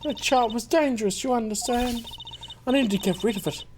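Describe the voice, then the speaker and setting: A man's voice: extremely high pitch, brisk, slight background noise. A man voicing a cunning, haughty young woman under questioning, coy and scheming in tone, read aloud over a video game. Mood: defiant.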